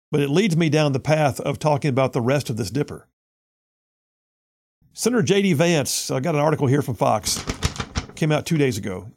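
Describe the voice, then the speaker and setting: A man's voice: on the high side, darkish tone. A man hosting a conservative talk radio show, reading listener messages aloud and giving blunt, opinionated commentary with frequent restarts.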